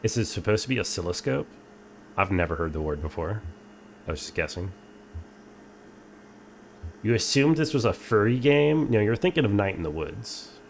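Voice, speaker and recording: A man's voice: lowish voice, expressive, moderate pace, creaky, pauses often, slight background noise. A young man streaming a game, reading its text aloud and chatting dryly with viewers. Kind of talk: casual game playthrough commentary.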